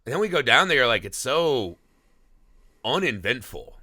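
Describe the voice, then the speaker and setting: A man co-hosting a podcast, chatting casually about a film in an animated, profane, rambling way, acting out bits of dialogue. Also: medium pitch, measured pace. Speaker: podcast co-host. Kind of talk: casual movie review chat.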